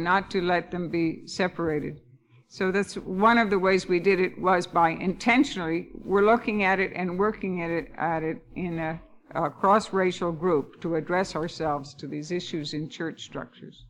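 Man moderator, high-pitched, relaxed, passes the floor along. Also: normal speed. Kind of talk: panel discussion.

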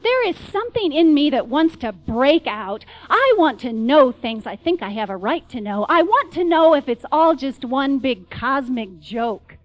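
Woman storyteller, middle-aged, high voice, very lively pitch, wry and dramatic. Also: measured pace, hardly any pauses, low-quality recording. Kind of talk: spoken-word storytelling performance.

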